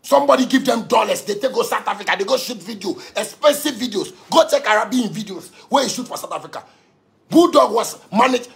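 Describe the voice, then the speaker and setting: A man's voice: high voice, animated, a little fast, gravelly, soft background music. A man with a Ghanaian accent delivering an angry, profane rant to his audience, repeating himself for emphasis. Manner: heated, profane, repetitive.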